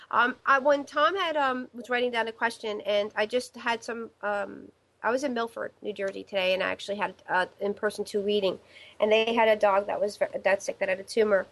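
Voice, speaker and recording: A woman's voice: fairly high pitch, fairly bright tone. Rambling woman hosting a live call-in show. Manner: rambling, many fillers and restarts. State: stiff neck. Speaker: psychic medium show host.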